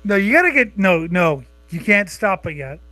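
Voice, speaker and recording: A young man co-hosting a podcast, bantering crudely, profane and teasing, quick to laugh. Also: high voice, big pitch swings, bright, forceful tone, dry recording. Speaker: podcast co-host.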